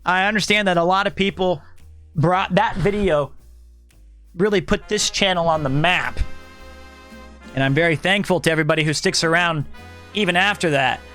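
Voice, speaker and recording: Loud, bright-voiced man chatting on stream. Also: sits high, normal speed, pauses often, soft background music. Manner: loud, projecting, animated talker. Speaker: streamer reading chat. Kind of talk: casual live-stream chat.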